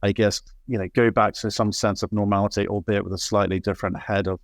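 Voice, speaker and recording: Low-voiced, wry male interview host. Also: flat delivery, quick pace, dry recording, studio quality. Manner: wry, chatty, rambling questions with restarts. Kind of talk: casual conversational interview.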